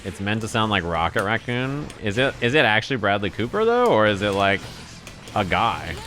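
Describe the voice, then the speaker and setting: A man's voice: on the low side, sing-song, normal speed, background noise. A man rambling and swearing casually to his chat while playing a fighting game live. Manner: profane, rambling, exasperated. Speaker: streamer.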